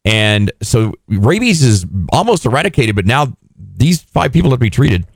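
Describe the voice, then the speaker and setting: A man's voice: mid-range voice, big pitch swings, moderate pace, gravelly, no echo, clean studio sound. A man hosting a talk show, running through odd news stories with wry, joking chat. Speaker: radio show host.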